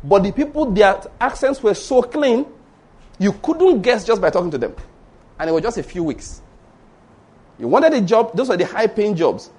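In his sermon, a very animated middle-aged Nigerian pastor with a Yoruba accent speaks at a moderate pace. His voice is fairly high for a man yet darkish in tone, with a breathy edge. He dramatizes stories, acts out what people said, and keeps asking his listeners rhetorical questions.

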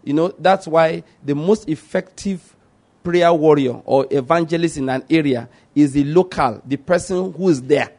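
A man preaching a sermon, teaching slowly and repeating his key points, often checking whether listeners understand. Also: on the high side, darkish tone.

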